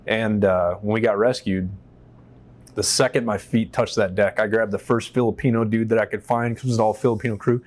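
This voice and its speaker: Speaking a little fast in a fairly low voice, a man from the United States shares his story as a guest in an interview held on a stage in a shop. His animated, profane account includes acting out what others said.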